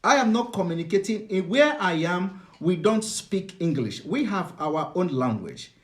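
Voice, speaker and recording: A middle-aged Nigerian man gives a live broadcast monologue in a somewhat high voice. He lectures his audience, stopping often on "uh" and restarting his sentences. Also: sing-song. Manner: halting, many "uh" fillers and restarts, lecturing. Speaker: host of a live online broadcast.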